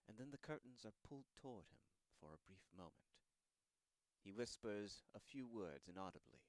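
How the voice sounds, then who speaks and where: Low-voiced male scene narrator. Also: no echo. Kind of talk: scripted narration of scene action.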